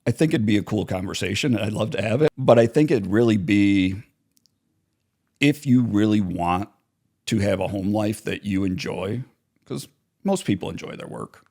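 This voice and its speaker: A man's voice: lowish voice, normal speed, a little mellow. A man talking in a podcast interview, explaining his ideas and acting out both sides of everyday arguments. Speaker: author and counselor, guest.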